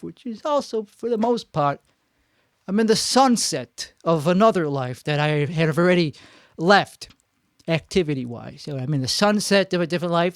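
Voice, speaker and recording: A podcast host rambles through a comic monologue, drifting in and out of a put-on frantic Chicago-style accent and cutting himself off mid-thought. His slightly high voice is smooth and fairly bright, captured up close on two microphones with studio quality and no echo.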